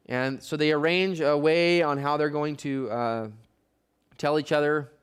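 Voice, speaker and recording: A man teaching a Bible study, reading scripture aloud and then explaining it in a relaxed, conversational way with wry asides. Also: fairly high pitch, a little slow, clean tone.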